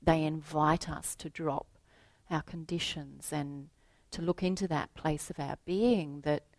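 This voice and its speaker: Slow, soft-spoken woman teacher. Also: sits low, steady tone, no room sound. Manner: gentle, dropping often to a soft hush. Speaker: spiritual teacher. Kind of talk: reflective spiritual talk with storytelling.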